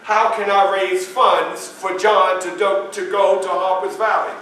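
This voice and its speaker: An actor playing Frederick Douglass, telling his story in a first-person stage monologue with emphatic, dramatic pauses. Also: sits high, little pitch movement, a bit bright, slight background noise. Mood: earnest. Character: Frederick Douglass, adult male statesman recounting his life. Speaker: historical reenactor. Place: library meeting room, live audience. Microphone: far camera. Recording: echoey room from far off, faint ambience.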